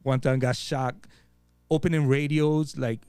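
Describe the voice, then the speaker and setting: A man's voice: medium pitch, fairly even intonation, measured pace, darkish tone, clear, resonant tone, no echo. A man with a Virgin Islands accent talking casually as a guest DJ, loose and slangy, swearing freely. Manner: laid-back, street slang, frequent swearing and fillers. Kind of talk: casual interview chat.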